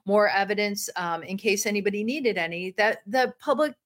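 A woman's voice: mid-range voice, moderate pace. A woman guest in a talk interview, earnestly explaining her organization's work. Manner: earnest, explanatory, uses fillers. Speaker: guest, education advocate. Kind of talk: interview answer.

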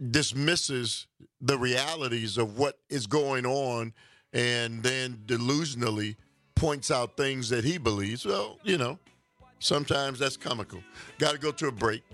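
Gravelly radio talk host. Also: male voice, mid-range voice, a bit bright, no room sound, studio quality. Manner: takes calls, argues back firmly.

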